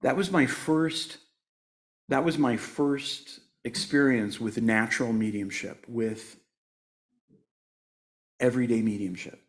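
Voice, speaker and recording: A man in his sixties gives a conversational sermon in a church, mixing jokes at his own expense with earnest spiritual advice. His voice sits at an ordinary middle pitch, and he laughs often between thoughts. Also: takes it slowly, pauses often. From United States. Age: 60s. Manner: joking, self-mocking, laughs often. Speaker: guest speaker at a church service. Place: church sanctuary.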